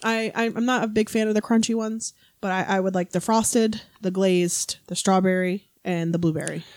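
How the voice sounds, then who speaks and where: A woman's voice: mid-range voice, fairly even intonation, moderate pace, darkish tone, no room sound, clean studio sound. Blunt, casual woman podcast co-host. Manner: blunt, swears, laughs often. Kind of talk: casual chat.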